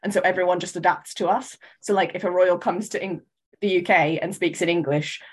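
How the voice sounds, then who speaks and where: A woman from the UK co-hosting a podcast, talking in a thoughtful, measured way with frequent hedges and restarts. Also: fairly low pitch, fairly even intonation, husky. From United Kingdom. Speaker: podcast co-host. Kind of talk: casual chat.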